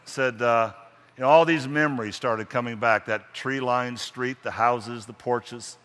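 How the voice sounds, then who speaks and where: A male preacher tells a story in a sermon, building drama and slowing to hushed emphasis. His voice is bright and forceful. Long reverb trails every phrase, as in a large hall. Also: medium pitch.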